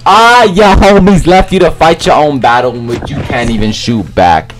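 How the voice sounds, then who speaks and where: A young man giving loud, slangy live commentary over his own gameplay, trash-talking other players and often shouting. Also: fairly high pitch, normal speed, faint music behind. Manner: slangy, repeats lines and ends them with "bruh". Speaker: gaming YouTuber.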